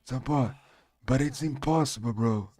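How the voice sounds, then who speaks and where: A man from Brazil with a Brazilian Portuguese accent and a strong voice, chatting on his live stream in halting English as a non-native speaker. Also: mid-range voice, warm tone, dry recording. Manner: halting, searching for English words. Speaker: game streamer. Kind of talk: casual live-stream chat.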